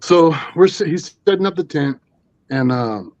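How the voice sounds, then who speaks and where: A man's voice: on the high side, expressive, unhurried, a little mellow, no echo, muffled recording. A man telling a story as a guest on a live stream, rambling with many fillers and restarts. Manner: rambling, full of 'you know' and restarts.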